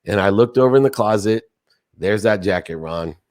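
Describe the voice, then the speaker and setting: A man's voice: lowish voice, moderate pace, darkish tone, no room sound, studio quality. A man in his forties telling an intense personal story as a podcast guest, choking up at moments. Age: 40s. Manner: intense storytelling, rising and falling with emotion. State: choked up at moments.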